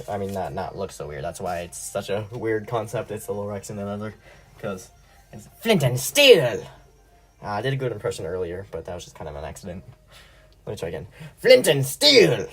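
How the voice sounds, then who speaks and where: A young man's warm, lowish voice rambles over background music as he draws on a livestream. He chats casually, giggles, and teases himself.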